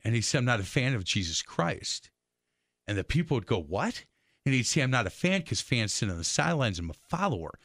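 A man's voice: medium pitch, sing-song, quick pace, fairly bright tone, no echo, studio quality. Stammering older male host telling stories. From Southeast Wisconsin. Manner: stammering restarts, storytelling. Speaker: radio show host. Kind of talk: casual interview chat.

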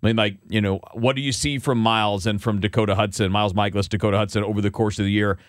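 A man's voice: fairly low pitch, quick pace, no room sound. Male co-host, casual sports chat, gets worked up and rants, dry close sound. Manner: animated, ranting, many restarts.

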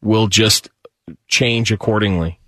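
A man's voice: on the low side, fairly even intonation, slow, fairly bright tone, no echo, clean studio sound. A man in a casual chat, joking around and chiming in with short agreements.

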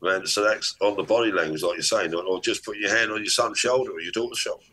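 A man's voice: fairly low pitch, fast, slight background noise, low-quality recording. A middle-aged man, a business coach talking at length in a podcast interview and acting out tones of voice as he explains. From Ireland. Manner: animated, explanatory, long-winded, acts out tones of voice. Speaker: guest, business performance coach.

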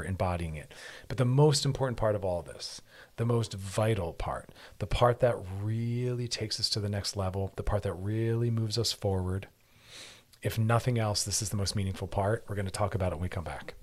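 A man with a husky, slightly low voice hosts an advice talk show. He teaches in an earnest, emphatic way and circles back to his key phrases for weight. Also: a little mellow. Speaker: show host giving relationship advice.

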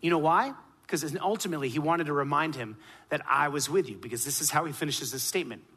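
A man preaching a sermon emphatically, rising to loud peaks and dropping to hushed lines. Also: on the high side, fast, slightly rough.

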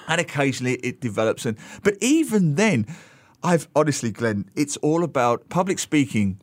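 A man co-hosting a casual radio chat, an animated storyteller who keeps slipping into mimicking other people's voices. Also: a little high, fairly quick, no room sound. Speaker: radio co-host.

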